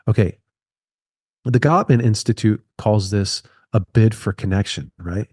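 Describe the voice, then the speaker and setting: A man's voice: lowish voice, unhurried, darkish tone, husky, no room sound. Earnest man talking, dry close sound. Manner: earnest, repeats phrases for emphasis. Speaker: podcast guest. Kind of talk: conversational podcast interview.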